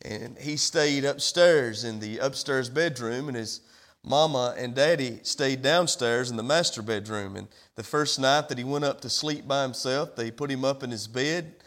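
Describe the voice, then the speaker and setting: A man's voice: mid-range voice, normal speed, fairly bright tone. A male pastor delivering a sermon in a church, with a repetitive preaching cadence and rhetorical questions. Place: church sanctuary.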